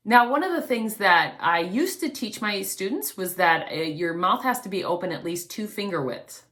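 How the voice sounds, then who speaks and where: A woman vocal coach teaching an online singing lesson, explaining calmly and demonstrating quiet breaths. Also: medium pitch, normal speed. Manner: gently instructive, demonstrates breaths.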